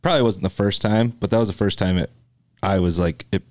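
A man co-hosting a podcast, chatting in a relaxed way about fishing, with frequent restarts. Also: low voice, fast talker, dry recording. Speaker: podcast co-host. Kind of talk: casual chat.

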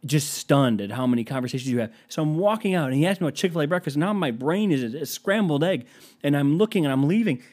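Man, storytime rant, exasperated and profane, lively swinging pitch, fairly high voice. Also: fast.

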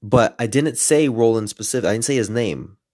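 A man in his twenties, a podcast host telling a story in casual, lively style, adding some playful swearing. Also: mid-range voice, fairly quick. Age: 20s.

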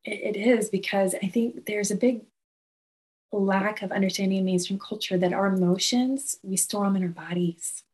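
A woman's voice: mid-range voice, steady tone, moderate pace, a little mellow, breathy edge, rough recording. Affirming woman podcast host. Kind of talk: casual chat.

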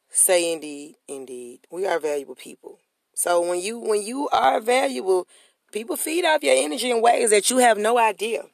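A motivational podcast host with a gravelly, creaky voice, recorded dry and close with no room sound. The host preaches in repeated, call-and-response phrases. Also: mid-range voice, no room sound. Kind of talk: motivational talk.

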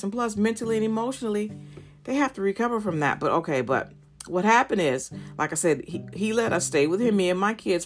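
Candid woman podcaster giving dating advice. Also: fairly low pitch. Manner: candid, animated, addresses listeners directly. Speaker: podcast host. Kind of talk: personal storytelling and dating advice.

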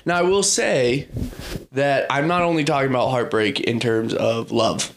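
A man's voice: mid-range voice, moderate pace, a little hiss or hum. A man co-hosting a casual podcast with his mother, playful and teasing, recorded at home on a proper microphone. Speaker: podcast co-host, son. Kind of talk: casual chat. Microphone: studio microphone.

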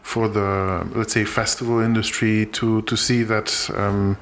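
Halting, word-searching male podcast co-host. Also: lowish voice, flat delivery, fairly bright tone, a little hiss or hum. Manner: halting, repeats words while searching for phrasing. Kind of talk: casual chat.

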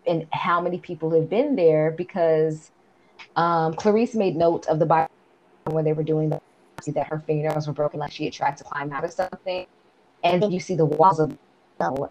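A woman co-hosting a movie review podcast, retelling scenes in casual, profane, animated chat. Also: low voice, lo-fi sound. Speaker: podcast co-host.

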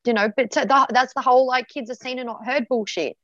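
A woman's voice: fairly high pitch, steady tone, fast, fairly bright tone, no echo, lo-fi sound. A woman guest telling a personal story frankly, swearing freely and full of fillers and restarts. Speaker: podcast guest.

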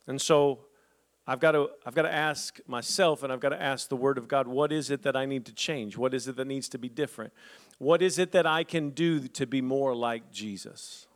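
A man pastor preaching a sermon, reading scripture aloud with lively humorous asides to the congregation. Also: medium pitch.

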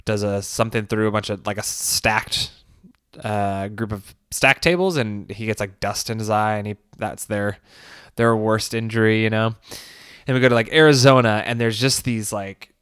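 A man's voice: on the low side, moderate pace, fairly bright tone, clear, resonant tone, no echo, clean studio sound. A man casually recapping a documentary, rambling with fillers, restarts and laughs. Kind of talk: casual commentary.

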